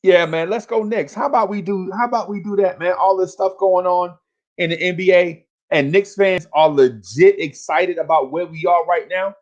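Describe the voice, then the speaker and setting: A man's voice: high voice, steady tone, normal speed, muffled recording. Hyped man hosting a fan livestream. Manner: hyped, repetitive, slangy, calling out to chat. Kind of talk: casual livestream chat.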